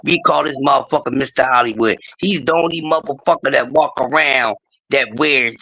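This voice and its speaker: A man hosting a casual talk show, telling loud, profane stories and acting out the people in them. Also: medium pitch, fairly quick, dry recording, low-quality recording. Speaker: podcast host. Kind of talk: casual chat.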